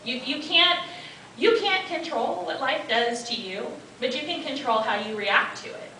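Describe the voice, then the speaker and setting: A woman's voice: high voice, animated, moderate pace, pushed and bright. A woman author speaking on a panel, telling wry stories with a laugh. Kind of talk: panel talk, humorous anecdote. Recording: echoey hall, distant mic, noise.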